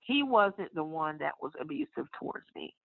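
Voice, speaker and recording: A woman speaking as a podcast guest in a frank, blunt and wry way, now and then clearing her throat. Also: deep voice, sing-song, normal speed. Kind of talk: candid conversation. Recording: tinny phone-line audio.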